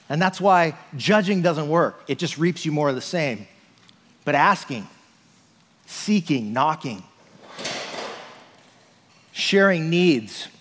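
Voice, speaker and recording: A man's voice: a little high, a bit bright. Man preaching in a reverberant church. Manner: conversational, frequent "like" and "right?". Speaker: pastor. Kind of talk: sermon.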